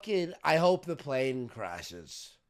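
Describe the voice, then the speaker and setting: A man's voice: medium pitch, sing-song, takes it slowly. A man hosting a livestream, exasperated and cursing, laughing in frustration at his co-host. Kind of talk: casual livestream banter.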